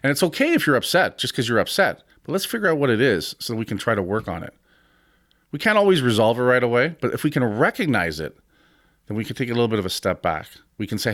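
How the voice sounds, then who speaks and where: A man's voice: mid-range voice, very animated, fast, fairly bright tone, dry recording, clean studio sound. A man in his fifties hosting a podcast, talking frankly and with some swearing about confidence and training. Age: 50s. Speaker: podcast host and gym owner. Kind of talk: casual podcast talk.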